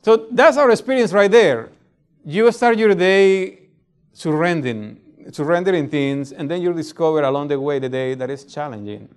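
A man's voice: fairly high pitch, expressive, normal speed, clear, resonant tone. A middle-aged man with a non-native English accent, preaching a sermon in a conversational way and often checking in with "right?". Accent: non-native English speaker. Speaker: pastor.

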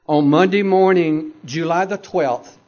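Man preaching a testimony, dull recording. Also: on the high side. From Georgia, US. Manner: storytelling with dramatic pauses and soft asides. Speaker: pastor. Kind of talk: sermon testimony.

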